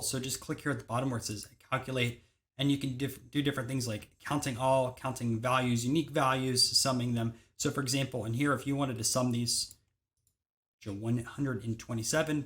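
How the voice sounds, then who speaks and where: Young male tutorial host, casual and brisk, plain mid-range voice. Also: medium pitch, a bit bright. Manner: brisk step-by-step instructions, casual phrasing. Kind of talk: screen-recorded software tutorial.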